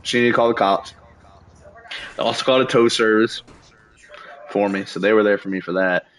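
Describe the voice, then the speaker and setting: A young man streaming a game, telling a story in a casual, animated rant full of slang and cursing. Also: on the low side, brisk, poor audio. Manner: animated, profane, slangy ranting. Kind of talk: casual storytelling while gaming.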